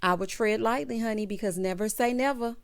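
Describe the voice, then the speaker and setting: A woman's voice: fairly high pitch, brisk. A woman recapping a reality show in a sassy, opinionated way, talking straight to her viewers. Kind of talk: casual chat.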